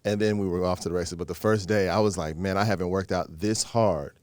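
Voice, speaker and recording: A man in his thirties, an actor being interviewed, telling stories in a lively way and acting out what people said. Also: sits low, fairly quick, no echo. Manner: animated storyteller who acts out quoted exchanges. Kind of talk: casual interview chat.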